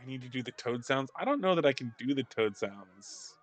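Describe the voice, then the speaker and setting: A man's voice: mid-range voice, big pitch swings, a little fast. A man streaming a video game, wryly commenting and reading out its dialogue. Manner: wry, reads game dialogue aloud. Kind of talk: gameplay commentary.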